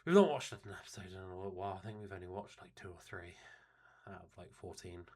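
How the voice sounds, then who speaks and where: A young man co-hosting a podcast, chatting casually in a blunt, animated way with plenty of swearing. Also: deep voice, quick pace. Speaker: podcast co-host. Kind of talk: casual chat.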